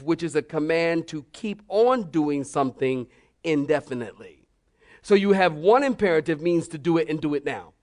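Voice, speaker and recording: A man preaching to a church congregation as pastor, animated and humorous, breaking into mock voices and then spelling out points slowly like a teacher. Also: on the high side. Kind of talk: sermon.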